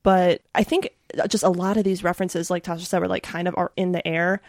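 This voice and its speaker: A woman's voice: fairly low pitch, flat delivery, fairly quick, a little mellow, dry recording, studio quality. Woman saying "like" a lot. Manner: filler-heavy, says "like" constantly. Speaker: podcast co-host. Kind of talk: casual film discussion.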